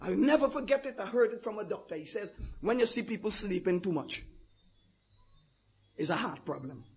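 An older man preaching a sermon, swinging from hushed asides to shouted declarations. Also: sits high, animated, normal speed, husky.

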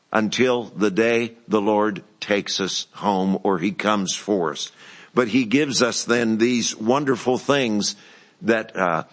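Slow, deliberate male preacher. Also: fairly low pitch. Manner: emphatic, asks the audience questions. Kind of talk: sermon.

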